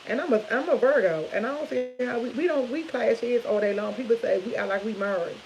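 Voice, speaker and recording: A woman's voice: a little high, fairly quick, vocal fry, low-quality recording. Rambling woman chatting to her viewers. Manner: chatty, rambling, repeats herself. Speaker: livestream host. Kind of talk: casual chat to viewers.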